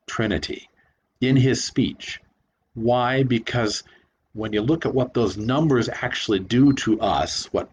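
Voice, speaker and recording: A man's voice: on the low side, slight background noise. A man giving a reflective spoken lecture on rhetoric, talking emphatically and leaning hard on single words. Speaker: commentator on rhetoric.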